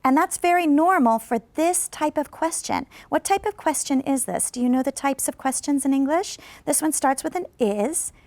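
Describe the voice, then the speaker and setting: A woman teaching an English-as-a-second-language lesson on television, speaking patiently and encouragingly and modeling example sentences slowly for learners to repeat. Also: high-pitched, a little mellow, no echo. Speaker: ESL teacher.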